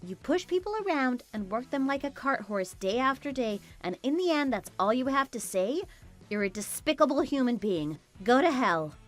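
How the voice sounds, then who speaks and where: A woman's voice: high voice, lively intonation, moderate pace, soft background music. A woman voicing a young daughter-in-law in a dramatized story, blunt and talking back. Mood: defiant. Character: young wife, worn down then defiant.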